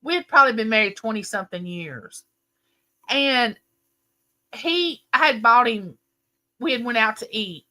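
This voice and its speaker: A woman's voice: on the high side, measured pace, pauses often. A middle-aged woman, casually telling a long family story to her livestream audience. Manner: animated, emphatic storyteller. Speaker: livestream host.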